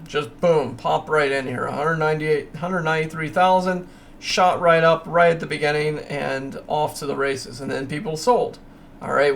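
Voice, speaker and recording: Gravelly, higher-voiced man rambling over charts. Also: a bit bright, a little hiss or hum. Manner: rambling, emphatic, ranting asides. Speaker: crypto channel host. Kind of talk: casual screen-share chart walkthrough.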